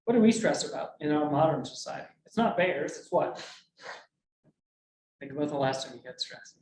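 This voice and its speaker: A man's voice: a little high, far from the mic. Guy doing a motivational talk, lots of questions to the crowd, roomy sound, faint hum. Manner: lively, jokey, asks the audience questions. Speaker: speaker. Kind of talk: motivational talk to a business group. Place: meeting room.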